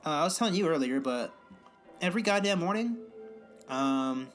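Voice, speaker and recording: Young man, fairly high voice, profane rambling podcast chatter, faint music underneath. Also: lively intonation, normal speed, a bit bright. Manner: rambling, profane, exasperated ranting. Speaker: podcast co-host. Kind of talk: casual podcast chat.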